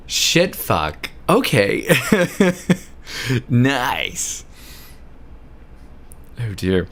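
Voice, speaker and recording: Slow-talking drunk Australian man. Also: medium pitch, animated, a bit bright. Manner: rambling, sweary and giggly. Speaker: livestreamer. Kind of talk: casual chat while gaming.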